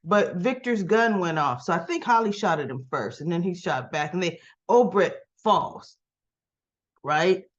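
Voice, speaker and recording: A woman casually recapping a soap opera episode for her vlog, excitable and gushing, and she acts out the characters' lines. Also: on the low side, unhurried, lo-fi sound.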